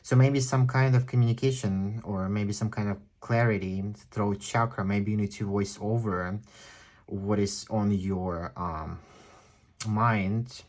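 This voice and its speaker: A man with a non-native English accent giving a chatty, excitable pick-a-card tarot reading. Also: lowish voice, measured pace. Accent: non-native English speaker. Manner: chatty, excitable, exclaims often. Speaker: tarot reader.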